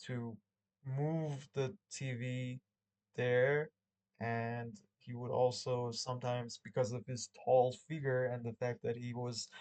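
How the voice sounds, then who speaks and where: Sex: man. Role: channel host. Style: casual chat and reading a book aloud. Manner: rambling, self-correcting, quick to laugh. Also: mid-range voice, low-quality recording.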